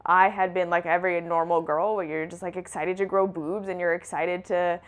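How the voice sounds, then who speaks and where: A woman's voice: on the low side, level tone, normal speed. A young adult woman telling her personal story to camera in a candid, conversational way, full of casual fillers. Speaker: wellness vlogger.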